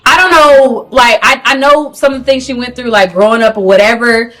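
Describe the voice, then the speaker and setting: A young woman vlogging a storytime to camera in an animated, slangy manner, talking to viewers as "girl". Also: on the high side, a little fast. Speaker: beauty vlogger. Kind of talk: storytime vlog.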